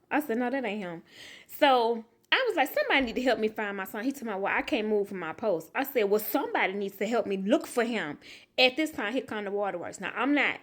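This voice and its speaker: Animated storytelling mother. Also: a little high. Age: adult. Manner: animated, emotional retelling with quoted dialogue. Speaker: vlogger, mother. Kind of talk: casual storytelling.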